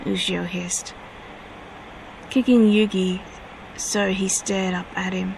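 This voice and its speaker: A woman reading her own fanfiction aloud at a steady pace, now and then correcting herself. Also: mid-range voice, measured pace, gravelly, a little hiss or hum, rough recording.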